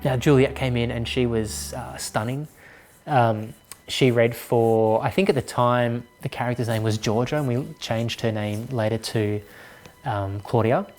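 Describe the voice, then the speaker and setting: A man's voice: medium pitch, steady tone, a little slow, a little mellow, faint music behind. A man who directed the film, looking back candidly on casting in a documentary interview. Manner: reflective, candid recollection.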